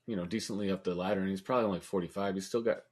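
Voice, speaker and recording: A man's voice: sits low, steady tone, rapid-fire, crowd noise. A man in his forties, a podcast co-host, telling swear-filled stories in casual chat and laughing as he goes. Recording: live stream podcast.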